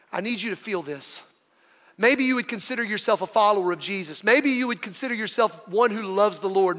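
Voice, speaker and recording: Male pastor, high bright voice, dramatic sermon delivery, big reverberant hall. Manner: dramatic storytelling, swinging from loud to hushed.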